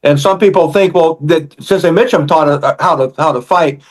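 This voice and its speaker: An older man, a karate instructor on a podcast, speaking in a halting way and repeating words as he recalls things. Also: a little high. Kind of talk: casual chat.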